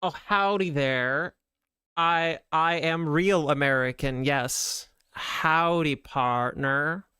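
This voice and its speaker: A hammy cowboy American drawls out slow, overdone lines, as a man puts him on. The voice sits a little high and stays smooth. The sound is close and dry. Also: bright, forceful tone, no echo. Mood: mock-serious.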